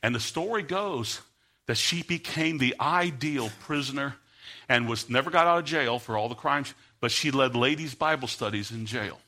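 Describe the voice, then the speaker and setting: American man, preacher, bright forceful voice, storytelling sermon that swells into fiery preaching. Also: mid-range voice, normal speed. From United States. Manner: builds from quiet storytelling to loud, fervent preaching.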